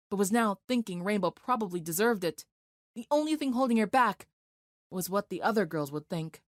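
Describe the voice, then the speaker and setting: A woman narrating a dramatic fan fiction story in a steady, vivid storytelling voice. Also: mid-range voice, no echo, clean studio sound.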